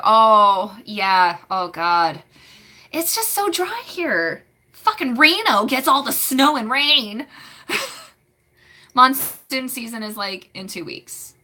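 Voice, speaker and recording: A woman's voice: mid-range voice, expressive, unhurried, bright, forceful tone. A woman in her late twenties chatting casually on a live stream from home, rambling and giggling with lots of fillers. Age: late 20s.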